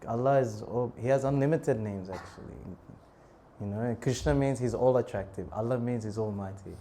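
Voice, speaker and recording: Casting: man in his thirties, animated storyteller in a temple talk, mid-pitched voice, laughs a lot. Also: moderate pace, a little hiss or hum. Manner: animated, laughs often, bursts into shouted prayers. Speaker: monk preacher.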